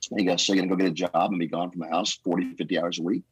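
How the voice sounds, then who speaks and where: Husky low-voiced pastor telling stories. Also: male voice, rapid-fire, no room sound, poor audio. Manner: animated storyteller, acts out quotes. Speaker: guest. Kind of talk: casual storytelling conversation.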